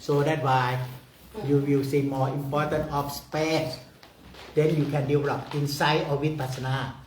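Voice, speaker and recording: A man's voice: on the high side, flat delivery, unhurried, darkish tone, slight background noise. A man teaching a guided meditation in simple, broken English, laughing often and repeating phrases in a meditation room. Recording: echoey room, far from the mic.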